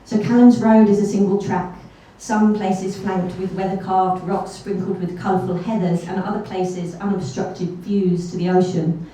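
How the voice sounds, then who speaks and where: A woman's voice: mid-range voice, flat delivery, normal speed, hardly any pauses, dark tone, a little hiss or hum. A woman telling a true story on stage at a live event, chatty and self-deprecating, with little asides. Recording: echoey hall from far off.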